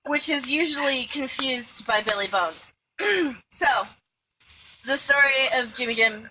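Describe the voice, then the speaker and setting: Young woman, casual comic retelling, irreverent, rambling, fairly high voice, faint hiss. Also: lively intonation, slow. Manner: rambling and irreverent, with swearing and frequent fillers. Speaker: storyteller among friends. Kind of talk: casual comedic plot retelling.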